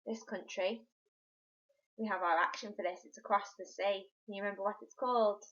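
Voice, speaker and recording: A woman teaching a remote lesson to young children, slow and encouraging, in a sing-song teacher's voice. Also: mid-range voice, fairly even intonation, a bit bright. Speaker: primary school teacher. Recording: dull lo-fi sound.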